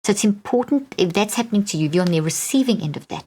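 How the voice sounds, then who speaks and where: A woman's voice: mid-range voice, expressive, fast, a little mellow. A middle-aged woman with a South African accent hosting a solo podcast, talking in an earnest, coaching way and often checking in with "okay?". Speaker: podcast host.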